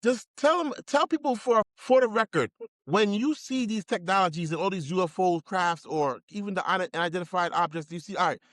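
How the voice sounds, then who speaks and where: A man's voice: high-pitched, a little fast, fairly bright tone, no room sound, clean studio sound. A man co-hosting a podcast, hyping the guest and searching for words. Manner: hesitant, hypes the guest. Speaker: podcast co-host. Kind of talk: casual podcast chat.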